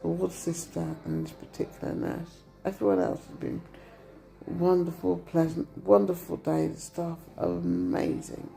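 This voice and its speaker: Tired woman venting, gravelly dark voice. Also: fairly low pitch, lively intonation, moderate pace, soft background music. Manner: upset, venting, retells dialogue. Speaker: vlogger. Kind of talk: casual vlog rant. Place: hospital room.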